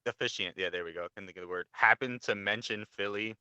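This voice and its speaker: A young man with a low, bright and smooth voice talks sports in a relaxed, chatty way and swears casually. The sound is dry and a bit dull, like a lo-fi mic. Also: fast, no echo. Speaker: podcast co-host.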